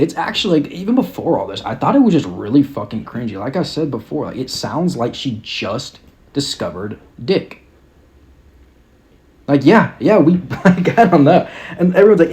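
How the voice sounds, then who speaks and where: A man's voice: mid-range voice, darkish tone. A young man hosting a podcast, ranting casually in a mocking, exasperated way and swearing constantly. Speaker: podcast host. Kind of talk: casual rant.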